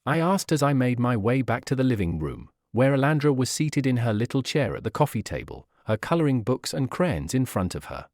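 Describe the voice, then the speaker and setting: A man narrating a first-person story in a very animated, expressive way. His voice sits at a middling pitch but swings widely. The recording is very dry and close. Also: a little fast, hardly any pauses, dry recording.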